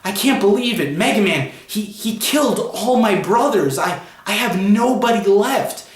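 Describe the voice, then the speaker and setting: A man's voice: sits high, expressive, moderate pace, heavy reverb, distant mic, voice pushed up. A man voicing a grieving, angry male robot who swings between tearful pleas and threats.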